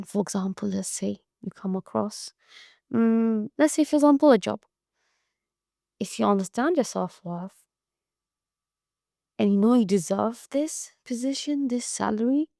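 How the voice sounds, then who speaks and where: A woman hosts her own podcast in a blunt, profane monologue of tough love. Her voice carries a gravelly, creaky edge. The sound is dry and close, with no room around it. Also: mid-range voice, a little mellow, dry recording. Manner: tough-love pep talk. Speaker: podcast host. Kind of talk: casual monologue.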